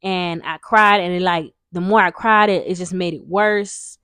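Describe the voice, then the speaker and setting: A woman's voice: lowish voice, steady tone, moderate pace, pushed and bright, smooth, dry recording, studio quality. A young woman tells a personal story in a rambling, frank way, full of fillers and swearing. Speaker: vlogger. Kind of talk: casual storytime vlog.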